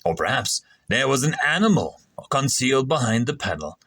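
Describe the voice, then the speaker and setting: A man narrating a science fiction story aloud in an expressive, animated reading voice. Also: medium pitch, normal speed, no echo.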